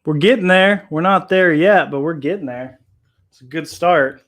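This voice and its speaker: A man with a somewhat high voice hosts a casual live tutorial, talking loosely to his viewers. He jokes along and keeps a relaxed, friendly patter going while he works. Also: moderate pace. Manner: chatty, joking, addresses viewers as guys. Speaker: hobbyist streamer.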